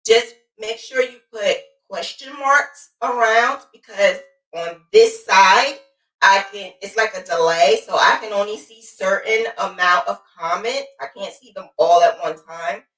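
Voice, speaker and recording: A woman's voice: mid-range voice, a little slow. Chatty woman livestreaming from a roomy space. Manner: lively, playful, greets viewers by name. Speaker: crochet livestream host. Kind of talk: casual livestream chat. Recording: roomy sound, mic at a distance.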